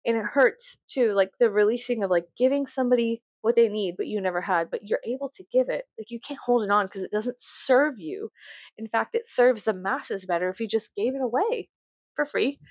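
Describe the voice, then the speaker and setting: A woman's voice: a little fast, no echo. A woman venting in a casual, profane, rambling rant to her viewers. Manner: profane, rambling, self-mocking; swings between low musing and loud high exclamations. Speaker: vlogger.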